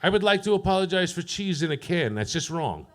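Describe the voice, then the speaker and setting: A man works an open mic stage with a profane, deadpan stand-up set, ribbing people in the crowd. His voice sits high for a man. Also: fairly quick. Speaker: stand-up comedian. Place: comedy club stage.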